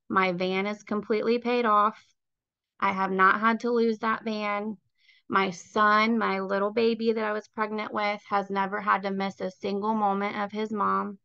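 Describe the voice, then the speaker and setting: A woman's voice: mid-range voice, gravelly, sharp tone, no echo, muffled recording. A woman in her thirties sharing her personal story as a guest on a call, candid and heartfelt, with plenty of fillers. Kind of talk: personal testimony.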